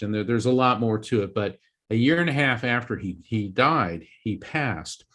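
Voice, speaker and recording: A man's voice: mid-range voice, expressive, moderate pace, a bit bright. A man from Florida, an author guest in an interview, telling a story earnestly and with animation, often restarting his sentences. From East Coast Florida, USA.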